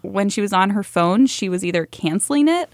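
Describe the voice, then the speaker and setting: A woman podcast host chatting easily with a guest, her voice at a middle pitch. The studio sound is dry and close. She talks loosely, often backing up to restart a thought. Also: expressive, brisk, dry recording. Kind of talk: casual studio conversation.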